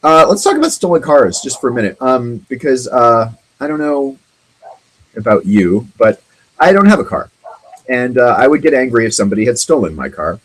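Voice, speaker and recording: A man talks through strange news stories as the host of his own online show. His voice is husky and a bit breathy, sitting at an ordinary middle pitch. He rambles, stalls on ums and uhs, and drops sarcastic little jokes between the facts. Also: very animated, rough recording. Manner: rambling, halting, with many ums and asides; sarcastic, jokey remarks on the stories. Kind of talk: casual commentary on odd news stories.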